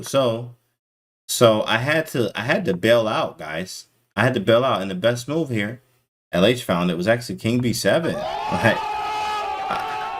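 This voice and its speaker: A man reviewing his own chess game in an excitable casual way, full of slang, repeated phrases and sudden exclamations. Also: on the low side, unhurried, background noise.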